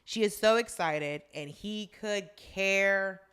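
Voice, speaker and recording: A woman's voice: mid-range voice, slow pace, smooth. A woman co-hosting a podcast, casually recapping a drama and acting out the characters' lines. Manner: animated storyteller, acts out characters' lines. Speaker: podcast co-host.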